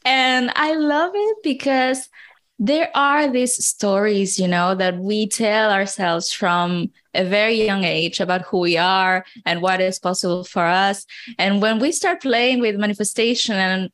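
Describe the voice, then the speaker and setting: A woman co-hosting a podcast, speaking in an unhurried, reflective way in casual chat. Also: mid-range voice, steady tone, a bit bright. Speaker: podcast co-host.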